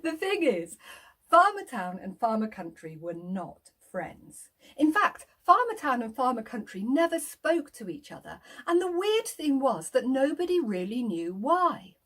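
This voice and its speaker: A woman's voice: a little high, very animated, unhurried, a bit bright. A woman telling a children's story in a playful way, inviting listeners to act along.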